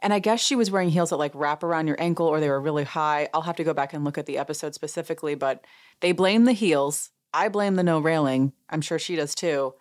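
Low-voiced woman, chatty amused recap. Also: fast talker. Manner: amused, chatty storyteller who laughs and acts out quotes. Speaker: podcast host. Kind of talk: casual recap chat.

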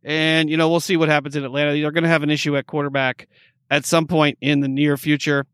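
Male sports-talk co-host, fairly high and bright, dry close mic, rambling and casual. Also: level tone, fast talker, clean tone, dry recording. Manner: rambling, lots of "you know" and restarts. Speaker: podcast co-host.

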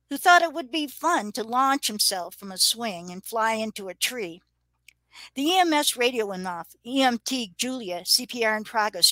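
An older woman, a veteran nurse, reading her own true story aloud in a measured, dramatic storytelling manner. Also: fairly high pitch, pushed and bright, no room sound, rough recording.

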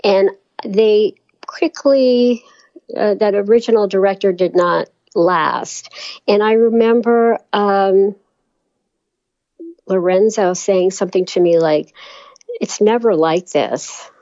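A woman's voice: mid-range voice, steady tone, slow pace, darkish tone, no room sound. Chatty woman from New York, lo-fi line. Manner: chatty, rambling with many fillers and restarts. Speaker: voice actress guest. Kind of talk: casual interview chat.

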